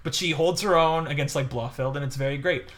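Podcast co-host, male, tense and bright tone, casual and animated, lots of fillers. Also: fairly high pitch, a little fast. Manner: rambling, animated storytelling with many fillers and laughs. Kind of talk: casual chat.

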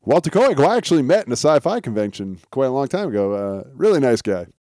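Man, podcast co-host, trivia talk, dry close sound, relaxed delivery. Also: medium pitch, fast talker, dry recording. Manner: relaxed storytelling of show trivia, chuckles often. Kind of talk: casual podcast chat.

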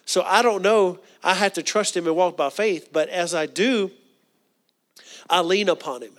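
A man's voice: high-pitched, normal speed. A middle-aged man preaching a sermon. He often repeats words and asks the congregation questions. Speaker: pastor.

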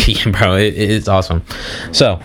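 A man's voice: fairly low pitch, steady tone, a little slow, fairly bright tone, a little hiss or hum. A young man hosting a podcast, casually retelling a personal story with slangy asides and frequent restarts. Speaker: podcast host.

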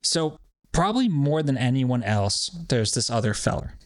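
A man's voice: mid-range voice, very animated, normal speed, no room sound. Profane, rambling man on a podcast. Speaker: podcast co-host. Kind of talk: casual podcast chat.

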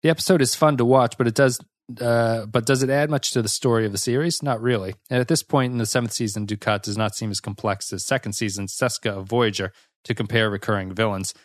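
A man's voice: mid-range voice, fairly even intonation, fast, no room sound, clean studio sound. A man co-hosting a podcast, critiquing an episode in casual chat with a wry, sarcastic edge. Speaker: podcast co-host.

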